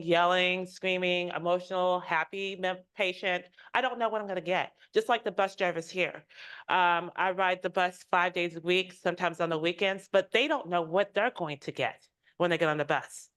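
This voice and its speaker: A woman who works in healthcare addresses a public board meeting. She speaks earnestly and with feeling. Her voice sits at an ordinary middle pitch. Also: fairly bright tone. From Oakland, California. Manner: heartfelt, earnest, emotional. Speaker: healthcare worker giving public comment.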